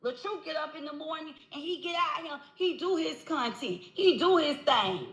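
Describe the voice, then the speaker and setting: A woman's voice: sits high, moderate pace, a bit bright, echoey room. A woman scolding a rival in a confrontational rant, played back as a clip. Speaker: rival online creator. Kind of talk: angry livestream rant.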